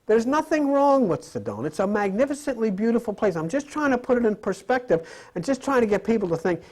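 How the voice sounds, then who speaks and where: A man's voice: very high voice, very animated, fast talker, a little mellow. A man giving a live spiritual lecture to an audience, rambling and conversational, with jokes and rhetorical questions.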